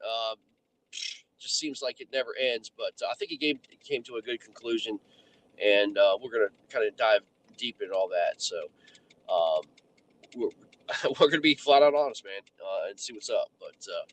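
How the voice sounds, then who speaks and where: A man's voice: lowish voice, sing-song, normal speed, a little hiss or hum. A man co-hosting a fishing livestream on his phone from a car by a lake, rambling easily with lots of fillers. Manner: easygoing, rambling, many fillers. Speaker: podcast co-host. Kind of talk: casual livestream chat. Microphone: phone in a vehicle.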